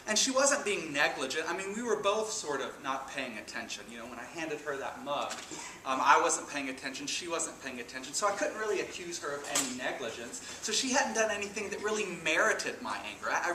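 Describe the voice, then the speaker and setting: Animated male lecturer in an echoey room. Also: a little high, recorded from a distance, a little hiss or hum. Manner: animated storytelling, lively emphasis. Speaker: philosophy lecturer. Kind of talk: introductory lecture with personal anecdote. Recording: echoey room, speaker off-mic.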